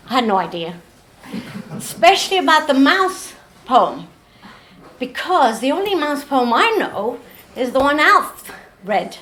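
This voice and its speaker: A woman's voice: fairly high pitch, fairly bright tone. A woman chatting casually at a folk club night, laughing and self-deprecating as she introduces a poem. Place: folk club room with an audience. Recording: echoey room with faint noise.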